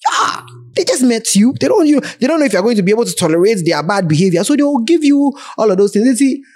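High-voiced Ghanaian man giving chatty advice. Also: sing-song, quick pace, darkish tone. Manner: chatty, advising, direct with listeners. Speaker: podcast host. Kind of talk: casual relationship advice chat.

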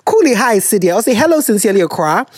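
A Ghanaian man hosts a chatty podcast, reading listener letters aloud. His delivery is lively, and his pitch rises and falls a lot as he slips between English and Twi. The sound is dry and close, with no room echo. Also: fast talker, husky. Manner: animated, switches into Twi, laughs often. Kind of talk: casual chat.

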